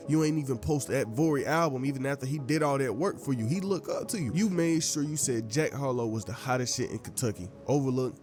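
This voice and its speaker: A man's voice: mid-range voice, a little mellow. A man narrating a commentary voice-over in a casual, slang-heavy way.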